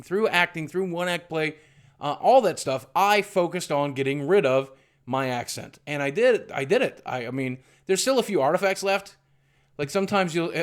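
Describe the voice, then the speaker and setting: A middle-aged man from southwestern Virginia, talking in a candid, rambling, self-deprecating vlog monologue with frequent restarts. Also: on the high side. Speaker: YouTuber.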